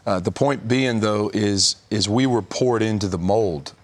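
A man's voice: lowish voice, measured pace. A man taking part in a Bible study discussion, explaining a passage with restarts as he thinks.

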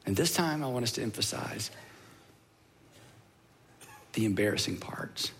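A man preaching as a pastor, closing his sermon and leading a prayer, earnest and shifting from lively emphasis to hushed, near-whispered lines. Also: fairly low pitch, measured pace, creaky, long pauses, slight background noise.

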